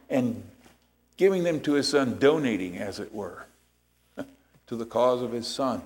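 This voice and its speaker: A man's voice: mid-range voice, unhurried, pauses often, a little mellow. A man preaching a sermon as pastor, explaining scripture step by step and checking in with rhetorical questions.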